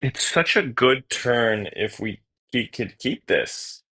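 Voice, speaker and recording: A young streamer works through a card game aloud, joking casually, cursing here and there, and mumbling to himself. He takes his time in a medium-pitched voice that is sharp and breathy, with vocal fry.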